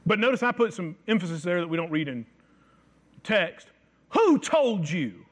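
Guy preaching, pretty high voice, leans hard on the big words. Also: animated, a bit bright. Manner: emphatic, slows to stress scripture phrases. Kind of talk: sermon.

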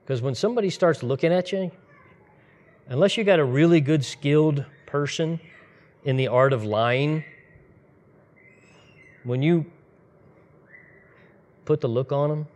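A man's voice: on the high side, measured pace, long pauses, a little mellow. A man preaching a sermon in a conversational, storytelling way, speeding up in bursts. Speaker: pastor.

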